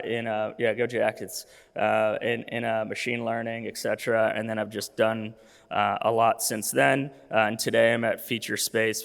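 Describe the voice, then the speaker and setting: A man's voice: mid-range voice, creaky, a bit bright. A man in his thirties giving a conference presentation, losing his voice, casual with many fillers and restarts. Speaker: conference speaker. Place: conference hall. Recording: long reverb of a hall.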